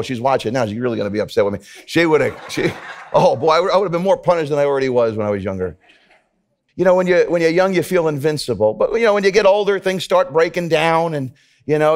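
A middle-aged man preaching a sermon at a church service, talking conversationally and then building to emphatic preaching. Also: medium pitch. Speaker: pastor.

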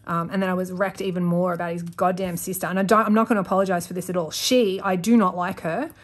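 Chatting as she crafts, a planner vlogger works on her planner at her desk at home, rambling, sidetracking often and getting fired up when she rants. Her voice runs on the low side with a steady tone, and she talks fast. A desk-mounted camera records her.

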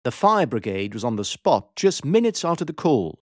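Man, steady clear drill reading, lively pitch. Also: moderate pace, dry recording, studio quality. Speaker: example sentence reader. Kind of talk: recorded language drill.

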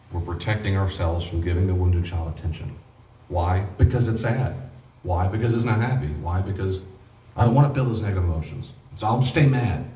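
A man's voice: low voice, warm tone, slight background noise. A man preaching a teaching sermon on grief as a pastor, earnest and conversational, repeating himself for emphasis. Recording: echoey room, mic at a distance.

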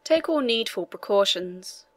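A man's voice: high voice, lively intonation, a little slow, fairly bright tone, full character voice. A woman reading the part of a tired, faintly condescending man, a prison inspector, in an audiobook. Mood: weary, dismissive.

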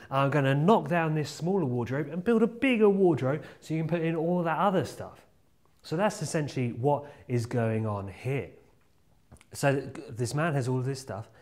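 A man gives a children's Bible talk in a chatty, storytelling way. He talks straight to the kids, at a middle pitch, and keeps his tone friendly. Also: a little mellow. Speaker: children's church leader.

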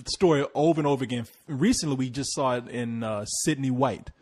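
A man's voice: mid-range voice, a little fast, a little mellow, breathy edge. An American man co-hosting a casual movie review podcast, talkative and emphatic. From United States. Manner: talkative, emphatic, laughs often. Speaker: podcast co-host.

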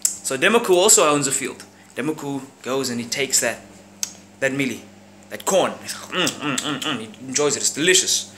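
A young man from South Africa with a South African accent, telling a profane, animated story in a casual vlog at home. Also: mid-range voice, normal speed, slight background noise. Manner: animated, profane, slangy, acts out characters with sound effects. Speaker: vlogger. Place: room at home.

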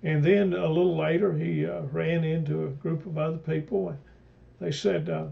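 A pastor leading a mid-week Bible study, retelling scripture in a halting way with many fillers and restarts. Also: male voice, a little high, fairly even intonation, creaky, dark tone. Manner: retells scripture, quoting speakers in old-fashioned phrasing. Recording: dull lo-fi recording.

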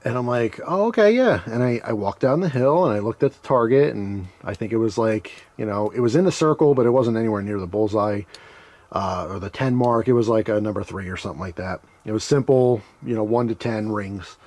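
A man's voice: fairly low pitch, fairly quick, a little mellow, no room sound. A middle-aged man casually telling a rambling childhood story, laughing and acting out the voices he quotes. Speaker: knife channel host.

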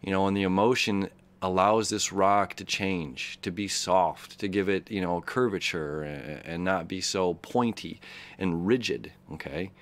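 A man's voice: sits low, measured pace. A man giving a casual, earnest horoscope reading, reflective and emotional, often checking in with "okay?" and "you know". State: emotional, near tears. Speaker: astrologer host.

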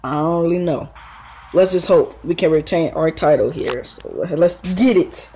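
Young guy with a high voice, hyped slangy commentary over his game. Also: normal speed, slight background noise, rough recording. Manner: slangy, excitable play-by-play with fillers. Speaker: gaming YouTuber. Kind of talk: casual gameplay commentary.

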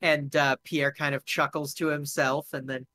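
A man's voice: a little high, little pitch movement, normal speed, pushed and bright. A man narrating a live-streamed tabletop game as game master, casual and chatty, with filler words and swearing.

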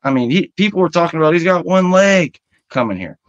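A man's voice: a little high, expressive, a little fast, no echo, muffled recording. A man with a Southern accent co-hosting a casual sports podcast, rambling with lots of fillers and some swearing. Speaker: podcast co-host.

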